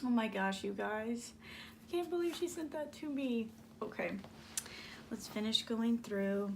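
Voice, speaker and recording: A high-voiced woman talks her viewers through a craft mail unboxing in an unhurried way. She gushes over every item and squeals with delight. A faint hum runs behind her. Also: expressive, vocal fry, a little mellow. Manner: gushing, squealing and gasping with delight. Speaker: craft vlogger. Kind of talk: excited unboxing vlog.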